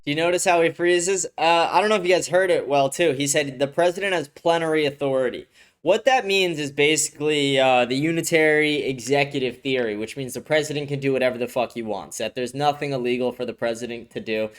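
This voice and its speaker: A man's voice: mid-range voice, brisk, hardly any pauses. A young adult man hosting a podcast and reacting to a video clip in a rambling, profane, casual way. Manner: rambling, frequent swearing, restarts. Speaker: podcast host.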